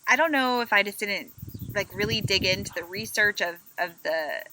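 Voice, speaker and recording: A woman co-hosting a podcast from a camper van, telling stories in a lively way and acting out her own complaints. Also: mid-range voice, normal speed, slight background noise, rough recording. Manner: animated storytelling, acts out her own complaints. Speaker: podcast co-host. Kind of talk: casual chat.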